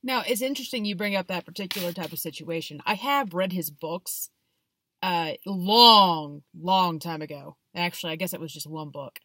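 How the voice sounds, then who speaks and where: Woman hosting a chat show, laughs a lot, bright voice, dry sound. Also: fairly low pitch, normal speed, dry recording. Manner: conversational, laughs easily. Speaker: host. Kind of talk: casual chat.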